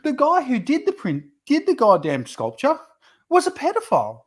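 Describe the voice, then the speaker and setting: A man's voice: very high voice, huge pitch swings, normal speed. A man co-hosting a casual podcast chat over a beer, heated and ranting, swearing often. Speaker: podcast co-host.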